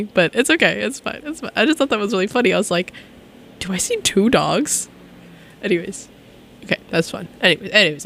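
A woman's voice: mid-range voice, fairly bright tone. A young woman hosting a casual college-style radio music show, chatting between songs in a rambling, giggly way.

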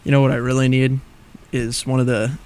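A man's voice: mid-range voice, flat delivery, a little fast, a little mellow. A young man co-hosting a college radio show, making playful hot takes and joking around. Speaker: radio co-host. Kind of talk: casual sports chat on college radio.

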